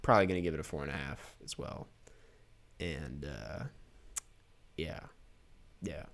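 A man's voice: very deep voice, unhurried, creaky, a bit bright, a little hiss or hum. A man co-hosting a podcast, chatting casually, laughing often and using many fillers. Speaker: podcast co-host. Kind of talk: casual chat.

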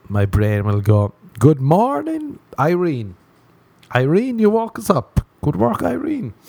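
Low, mellow-voiced man riffing crudely. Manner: rambling, self-mocking, laughs often. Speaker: podcast host. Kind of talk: crude comic monologue.

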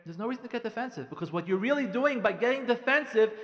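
A rabbi with a very high voice gives marriage advice on a radio talk, speaking fast and animatedly in a big-sounding room. He repeats lines for emphasis and acts out the conversations he describes.

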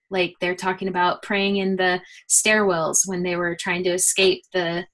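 A middle-aged woman, a guest, telling a personal faith story in an earnest, animated way with many fillers. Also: fairly low pitch, a little slow. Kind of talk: personal testimony in a conversation.

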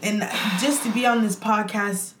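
A woman guest on a podcast, chatting excitedly and gushing with thanks, laughing often. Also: medium pitch, moderate pace, noisy background. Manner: gushing, exuberant, with frequent laughs and "y'all". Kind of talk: excited casual chat. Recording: echoey room.

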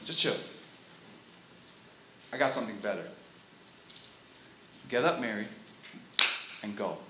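A man voicing Jesus as a calm risen man giving a woman orders in a laid-back, urging way. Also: lowish voice, slow pace, roomy sound, heavy background noise, pitched below the performer's own voice. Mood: reassuring.

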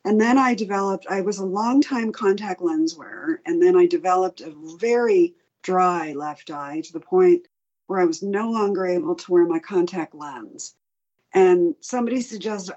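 A woman's voice: lowish voice, normal speed, highs cut off. A middle-aged woman, a patient advocate, candidly retelling her story in an interview, acting out the doctors' lines as she goes. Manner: candid, animated retelling with quoted dialogue. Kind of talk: personal story told in an interview.

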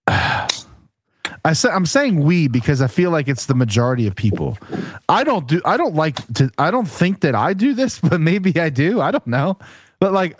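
A man's voice: a little high, no echo. A man co-hosting a casual sports podcast, rambling and restarting his sentences as he asks questions. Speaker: podcast co-host. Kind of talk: profane casual sports chat.

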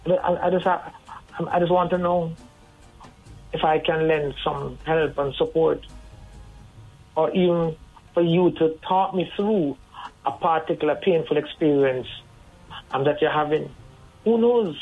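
Husky voice on a phone line. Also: medium pitch, a little slow, long pauses. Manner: earnest, advising, conversational. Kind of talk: radio call-in talk. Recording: tinny phone line over faint music.

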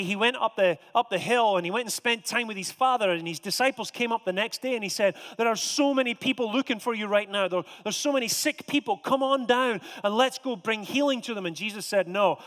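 High-voiced preacher in a reverberant hall. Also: male voice, fairly bright tone. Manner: conversational storytelling, emphatic slow stresses. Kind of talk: sermon.

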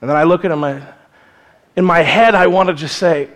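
A male pastor giving an earnest, conversational sermon in a church, mixing scripture with lively asides. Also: on the high side, brisk.

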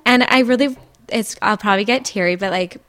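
A young woman co-hosting a podcast, talking candidly in a halting way and often breaking off mid-sentence. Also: mid-range voice, fairly bright tone, no echo. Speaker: podcast co-host. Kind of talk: emotional casual chat.

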